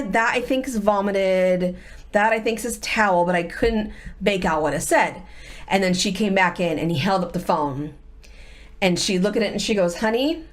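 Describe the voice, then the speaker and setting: A middle-aged woman, a guest and the host's wife, telling a personal story in candid conversation and acting out the voices of people she quotes. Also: mid-range voice. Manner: animated, acts out quoted voices.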